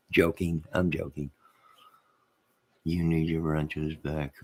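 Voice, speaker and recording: Deep husky man rambling to his live chat. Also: flat delivery, very slow, a little mellow. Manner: rambling, repeats himself, talks to chat by name. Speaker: live stream host.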